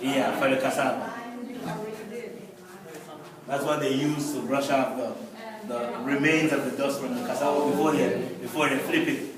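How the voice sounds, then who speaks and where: A man's voice: mid-range voice, steady tone, moderate pace, pauses often. Man teaching in an echoey classroom. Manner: patient, repeats words for learners. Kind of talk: classroom explanation. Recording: echoey room, mic far off. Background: class chatter.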